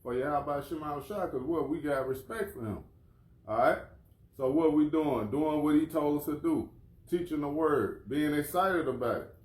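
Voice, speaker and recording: A man's voice: a little high, lively intonation, moderate pace, darkish tone, reverberant. A man leading an informal religious lesson, casual and conversational, often calling people "man" and "bro". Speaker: lesson leader.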